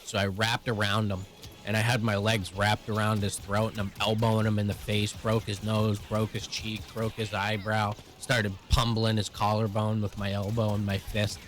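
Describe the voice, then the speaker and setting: A young man with a low voice recounting a story bluntly and profanely, in quick run-on phrases. A faint hum of room ambience sits underneath. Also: flat delivery, a bit bright. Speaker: vlogger. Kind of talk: casual personal storytelling.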